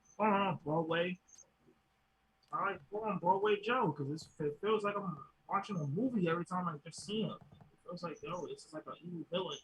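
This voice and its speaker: A man co-hosting a podcast in casual chat, joking and animated, with halting restarts. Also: high-pitched, noisy background. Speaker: podcast co-host.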